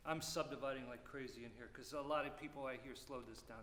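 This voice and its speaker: A man teaching a music clinic, explaining phrasing and singing rhythms aloud with lively syllables. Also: medium pitch, fast, hardly any pauses. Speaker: percussion clinician. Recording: roomy hall reverb, faint noise.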